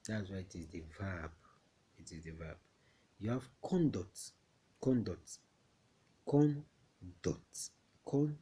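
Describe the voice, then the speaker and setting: A man from Nigeria teaching a classroom English lesson, slow and repetitive, often checking that students understand. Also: low voice, expressive, mellow, slightly rough.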